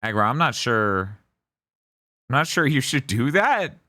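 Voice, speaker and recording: A man's voice: medium pitch, very animated, measured pace, pushed and bright, dry recording, clean studio sound. A man co-hosting a casual comedy gaming podcast, joking, swearing and laughing often. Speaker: podcast host.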